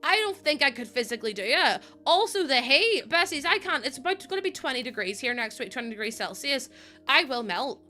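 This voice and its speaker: A woman's voice: high voice, very animated, fairly quick, bright, forceful tone, faint music behind. A young woman with a Northern Irish accent, chatting and laughing with viewers on a casual live stream while she builds in a game. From Northern Ireland. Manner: chatty and rambling, laughs often, talks to viewers.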